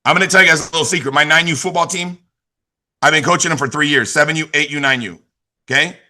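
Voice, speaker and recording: A middle-aged man leading a motivational team call, energetic and repetitive, asking questions and answering them himself. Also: a little high, fast talker, slight background noise. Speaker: team leader and youth football coach.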